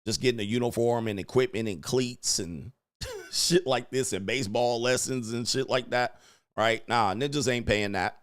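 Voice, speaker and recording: A man in his forties holds forth on his own show in a loose, slangy monologue, laughing as he goes. His voice sits at an ordinary middle pitch. It sounds close and dry, with no room around it. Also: moderate pace, no echo. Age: 40s. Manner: crude, riffing, laughs often, slangy. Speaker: host. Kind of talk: casual commentary monologue.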